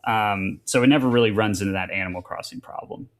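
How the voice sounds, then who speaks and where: A man's voice: lowish voice, fast. A man chatting casually as a podcast co-host, rambling with many fillers and restarts. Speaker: podcast co-host reviewing a game.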